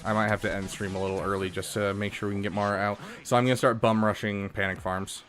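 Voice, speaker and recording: A low-pitched man chats loosely through a live stream, pausing on fillers as he thinks aloud. Soft background music plays under his voice. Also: level tone. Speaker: streamer reviewing game accounts. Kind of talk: casual live-stream commentary.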